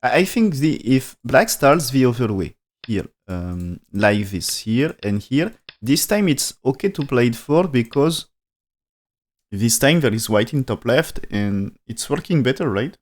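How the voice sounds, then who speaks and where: Male go commentator, live-stream review, non-native English, halting and thoughtful delivery. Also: mid-range voice, big pitch swings. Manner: hesitant, thinking aloud with frequent restarts; speaks non-native English with dropped articles. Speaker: go game commentator.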